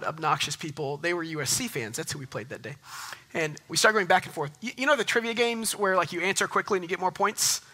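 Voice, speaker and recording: A man's voice: high voice, bright, forceful tone. A man in his thirties, a pastor preaching an earnest, conversational sermon that builds to emphatic peaks.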